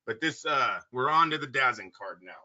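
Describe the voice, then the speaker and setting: A man co-hosting a boxing talk show in casual chat, excitable and scolding, laughing often. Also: mid-range voice, moderate pace. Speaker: boxing podcast co-host. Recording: dull lo-fi audio.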